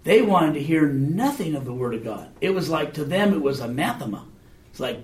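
A man's voice: on the high side, very animated, normal speed. A man teaching a Bible class in a casual, conversational way, often checking in with his students through questions. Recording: echoey room, mic far off.

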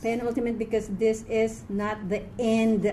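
A tired woman teaching a live reading class, chatty, quick to laugh and correct herself. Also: fairly high pitch, level tone, warm tone, a little hiss or hum.

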